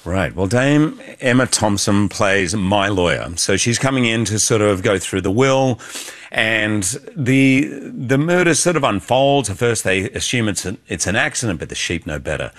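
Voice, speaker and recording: A man's voice: on the low side, lively intonation, moderate pace. A man being interviewed as an actor guest, chatting enthusiastically about his work. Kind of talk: casual interview chat.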